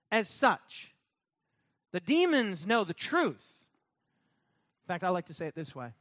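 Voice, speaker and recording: A man preaching with a high voice that swings widely up and down. He is emphatic and repetitive, pulling the congregation into call-and-response, and he slips into sarcastic mocking voices. The sound is close and dry. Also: big pitch swings, unhurried, long pauses, fairly bright tone, no room sound. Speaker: pastor. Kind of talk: sermon.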